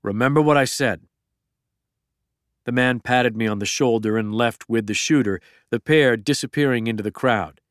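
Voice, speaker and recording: Smooth-voiced middle-aged man narrating a memoir. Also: mid-range voice, steady tone, normal speed, hardly any pauses, dry recording, studio quality.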